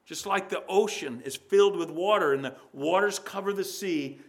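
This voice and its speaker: A man preaching a sermon, explaining scripture verse by verse, asking the congregation questions and swinging between quiet and emphatic moments. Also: high-pitched, moderate pace. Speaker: addresses children in the audience.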